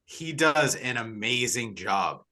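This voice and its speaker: A man's voice: medium pitch, slow pace. A man co-hosting a podcast, chatting casually about a movie and saying "dude" a lot. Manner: relaxed, says "dude" a lot. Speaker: podcast co-host. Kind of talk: casual movie review chat.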